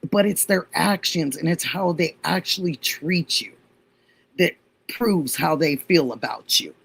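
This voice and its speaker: Livestream host, woman; husky, gravelly delivery, animated storyteller. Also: lowish voice, measured pace. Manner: animated storyteller, quotes others. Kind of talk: casual storytelling chat.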